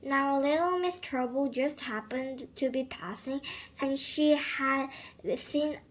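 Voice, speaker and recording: A woman reading a children's picture book aloud, halting and often slipping and restarting. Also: high-pitched, poor audio. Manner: halting, with frequent slips and restarts. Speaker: storyteller.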